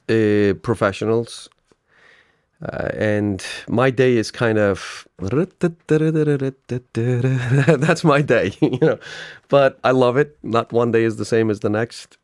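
A man guest on a podcast interview, telling stories with lively acted-out dialogue and frequent laughter. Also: on the low side, clean tone, dry recording, clean studio sound. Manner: animated storyteller, laughs often, acts out dialogue. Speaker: business owner guest.

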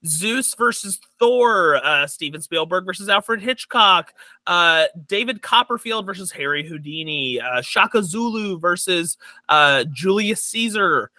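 A man's voice: high-pitched, expressive, a little slow, bright, forceful tone, no echo. A man co-hosting a casual podcast, enthusiastically rattling off lists of favorites. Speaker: podcast co-host.

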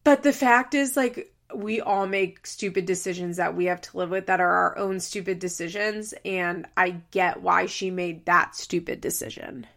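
A woman's voice: on the low side, fairly even intonation, moderate pace, gravelly, hardly any pauses, fairly bright tone. A young woman podcast host recapping a reality TV episode in a casual, chatty way. She fills her talk with "like" and laughs as she goes. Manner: chatty, heavy use of "like", laughs as she talks.

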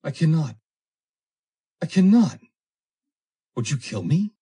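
A shrill, cowardly man in a panic, his voice pushed up high and cracking with fear, as a low-voiced male narrator puts him on. He pleads and shrieks, breathy and frantic. It comes from a storybook reading. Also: sing-song, slow pace, darkish tone, heavily acted. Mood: panicked. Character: cowardly panicking heavyset man trapped in a sinking submarine.

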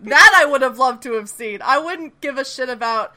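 A woman co-hosting a casual podcast recaps a TV episode, laughing often and putting on playful voices to act out the characters' lines. Her voice is high and her speed normal, with a crowd audible in the background.

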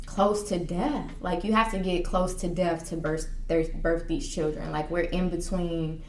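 A woman's voice: on the low side, steady tone, measured pace, slight background noise. A woman working as a doula, telling her story in an earnest, reflective way with many fillers. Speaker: doula, guest. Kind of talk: personal storytelling in an interview. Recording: roomy, from a distance.

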